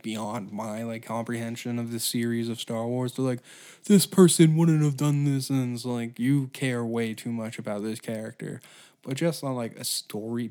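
A man's voice: mid-range voice, darkish tone. A man hosting his own podcast, ranting sarcastically with heavy swearing, frequent stutters and restarts. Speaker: podcast host. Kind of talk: casual solo podcast rant.

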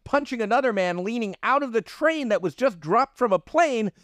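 Lively high-voiced man hyping jokes. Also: normal speed, dry recording, clean studio sound. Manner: mock-hype exclamations. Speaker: comedy podcast co-host. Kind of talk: sketch comedy podcast banter.

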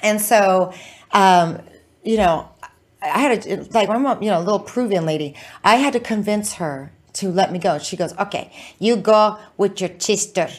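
A middle-aged woman from Southern California, a podcast guest telling a story in a lively way and acting out the voices in it. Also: mid-range voice. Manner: lively, acts out voices in her stories, quick asides. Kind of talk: animated storytelling.

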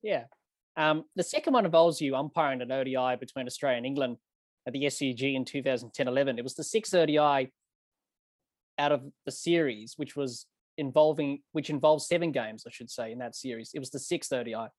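A man's voice: mid-range voice, a little fast, no room sound. Eager male podcast host, dry sound. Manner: eager, lively questioning, recounts events. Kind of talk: casual interview questions.

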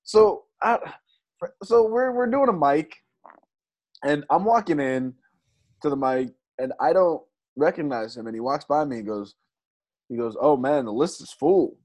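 A male stand-up comedian telling a story in casual chat, animated and swearing, acting out other people's lines. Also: fairly high pitch, unhurried, long pauses.

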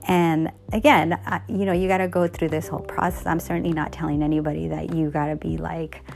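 Low gravelly woman telling a personal story. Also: little pitch movement, fairly quick, a little mellow. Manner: candid, rambling, with frequent restarts and fillers.

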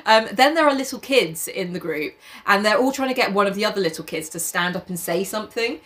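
A woman's voice: medium pitch, animated, fast, a bit bright. A young woman, reading a novel aloud in a casual chat, often laughing and breaking off to swear and comment.

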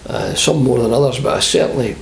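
Gravelly older Scottish man telling stories. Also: mid-range voice, quick pace. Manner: animated storyteller, acts out quoted voices. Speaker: interview guest, former football manager. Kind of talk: anecdotal interview chat. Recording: echoey room with faint hiss.

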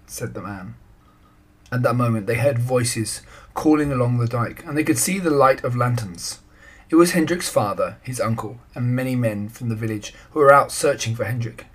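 A man reading a children's story aloud in a calm, even storytelling manner. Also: medium pitch, normal speed, husky.

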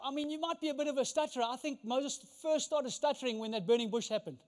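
A man's voice: very high voice, fast, hardly any pauses. A man preaching a sermon as pastor, emphatic and full of rhetorical questions. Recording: long reverb of a large hall.

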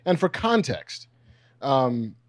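A man co-hosts a casual podcast, calmly laying out context and chiming in with short agreements. His voice is mid-pitched and easygoing. He is recorded close and dry with no room sound. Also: slow pace, no echo. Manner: relaxed, explanatory, chiming in. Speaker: podcast co-host. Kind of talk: casual chat.

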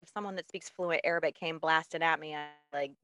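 A woman's voice: sits low, fairly even intonation, fairly quick, sharp tone. A woman chatting as a podcast guest, telling stories animatedly with laughs. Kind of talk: casual chat.

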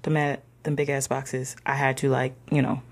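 Young woman telling a story, slangy and chatty, raspy low voice with some fry. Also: flat delivery, moderate pace. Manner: slangy, conversational, drops into soft whispers. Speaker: discussion participant. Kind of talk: casual personal storytelling.

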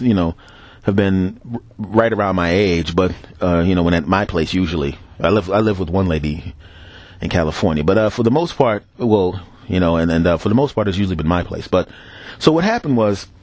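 A man's voice: on the low side, dry recording. A middle-aged man hosts his own podcast and tells casual comic stories. His voice swings up and down as he acts out the people in them. The recording is close and dry. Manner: animated, acts out quoted voices, laughs between bits. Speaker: podcast host. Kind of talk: casual comic storytelling monologue.

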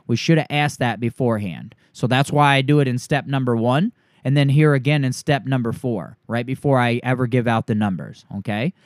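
A man coaching trainees through a sales script, switching into the pitch he gives a homeowner. His voice sits in a middle pitch and sounds dry and close, with no room around it. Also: fairly quick, dry recording.

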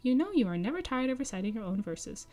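A woman's voice: a little high, very animated, fast, a little mellow, voice pushed up. A woman reading as a haughty teasing elf. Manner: snarky, condescending.

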